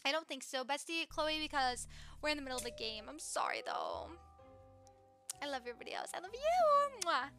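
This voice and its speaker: A young woman streams a game live and chats with her viewers, gushing and upbeat. Her voice is high and bright, and faint music plays behind her. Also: very animated, a little fast, vocal fry. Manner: bubbly, chatty, says bestie and slay. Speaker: livestreamer. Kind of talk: live gameplay streaming, reading chat.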